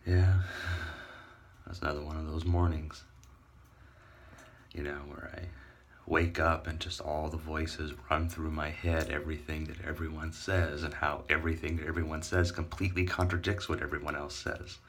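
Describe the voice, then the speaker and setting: Deep-voiced man on a rambling rant. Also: little pitch movement, normal speed, a bit bright, a little hiss or hum. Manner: rambling, sarcastic, profane, addressing viewers. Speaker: vlogger. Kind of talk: casual vlog rant.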